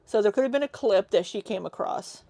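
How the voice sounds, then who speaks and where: A woman's voice: mid-range voice, fairly quick, gravelly, warm tone, no echo, studio quality. A woman hosting a reaction commentary, making sarcastic and skeptical asides. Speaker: commentary channel host.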